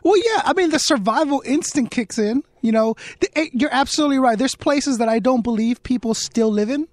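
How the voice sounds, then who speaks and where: A man's voice: very high-pitched, a little fast, no echo. A man in a casual podcast chat, ranting wryly and incredulously.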